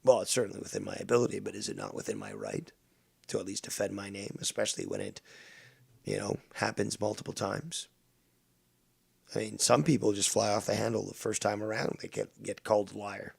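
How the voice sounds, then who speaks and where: A male streamer with a low, heavily gravelly voice, full of fry. He talks bluntly and sarcastically and swears freely while defending himself. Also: expressive, brisk. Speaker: streamer and host. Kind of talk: live stream commentary.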